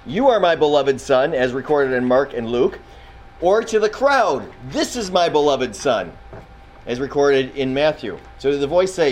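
A man's voice: fairly high pitch, lively intonation, normal speed, a little hiss or hum, poor audio. A man teaching a Bible class in a classroom, talking casually, quizzing his students and often restarting his sentences.

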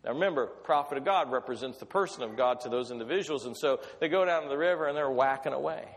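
A man's voice: medium pitch, quick pace. A man preaching a sermon, telling Bible stories in a conversational way and acting out the voices of the characters. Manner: storytelling with acted voices, conversational. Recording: long reverb of a hall.

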